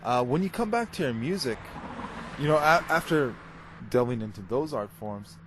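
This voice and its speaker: A man interviewing a guest, asking halting questions with fillers. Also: mid-range voice, expressive, background noise. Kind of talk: casual interview.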